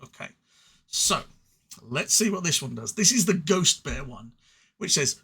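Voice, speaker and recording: An English-accented man from England reviews card game cards in a casual solo session, rambling, self-deprecating, and often stuttering as he restarts. His fairly high voice is sing-song, sharp, and slightly rough, with a measured pace and frequent pauses.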